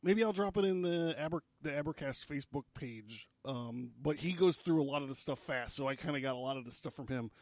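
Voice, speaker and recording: A man's voice: a little high, fairly quick, hardly any pauses, darkish tone, dry recording. A man hosting a podcast, retelling a legend in a casual, jokey way and swearing often. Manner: casual and profane, with jokey asides. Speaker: podcast host.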